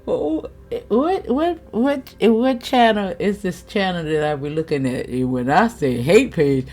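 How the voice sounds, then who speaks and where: A woman's voice: fairly low pitch, expressive, slow, darkish tone. A woman giving a casual, frank tarot reading commentary, chatting, swearing freely and laughing often. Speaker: tarot reader.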